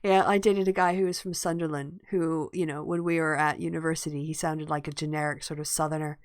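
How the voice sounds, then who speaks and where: A woman's voice: low-pitched, level tone, a little fast, dry recording. A tired woman hosting a podcast, chatting casually and laughing often. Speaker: podcast host. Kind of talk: casual chat.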